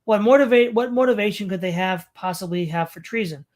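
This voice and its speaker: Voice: medium pitch, a little fast, darkish tone. A stream host reading a text aloud on a home mic, breaking off for sarcastic asides and commentary. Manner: sarcastic asides between read passages.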